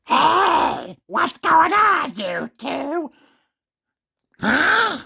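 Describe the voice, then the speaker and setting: A man voicing a squeaky, high-voiced male helper character with drawn-out singsong delivery in a comedy skit. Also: very animated, vocal fry, pushed and bright, heavily acted. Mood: curious.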